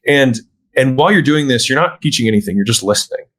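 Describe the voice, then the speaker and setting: A man as a podcast guest, explaining how he sells fitness programs in casual conversation and often checking in with a quick "right?". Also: mid-range voice, animated, fairly bright tone, poor audio. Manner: acts out sales dialogue, often tags "right?". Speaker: podcast guest, gym business owner.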